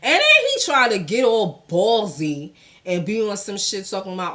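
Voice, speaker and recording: A woman's voice: mid-range voice, big pitch swings, fairly quick, pushed and bright. A woman hosting a casual gossip commentary show, blunt and profane, talking in with laughing asides.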